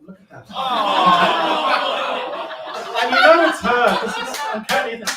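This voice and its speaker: A man's voice: sits high, very animated, moderate pace, background noise. A man doing a camp, self-mocking stand-up set in a live comedy club. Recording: echoey club, distant mic, crowd laughter.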